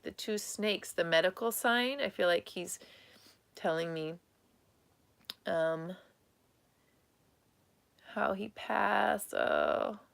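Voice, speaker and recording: A woman psychic medium giving a live reading, speaking in a halting, emotional way with many restarts, at times tearful. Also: mid-range voice, creaky, a bit bright.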